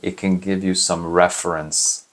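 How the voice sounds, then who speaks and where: A man with a deep, low-pitched voice answers questions in a relaxed interview. He explains earnestly, often restarting his phrases as he thinks. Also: unhurried. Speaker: interview guest.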